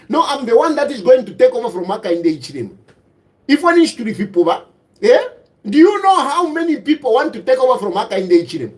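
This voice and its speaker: Guy ranting about politics, high voice, pitch jumping all over, keeps repeating himself. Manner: repetitive, scolding, mixes English with Bemba. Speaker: political commentator. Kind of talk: impassioned political monologue.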